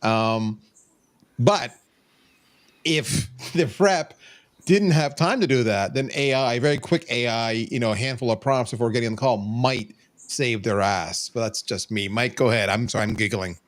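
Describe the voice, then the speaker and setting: A man's voice: mid-range voice, normal speed. A man speaking bluntly as a panelist in a casual sales discussion, chuckling along.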